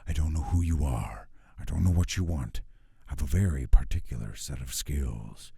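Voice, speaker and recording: A man putting on a deep, threatening movie-trailer voice, slow and menacing. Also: lively intonation, gravelly, warm tone, husky, dry recording, clean studio sound, exaggerated voice.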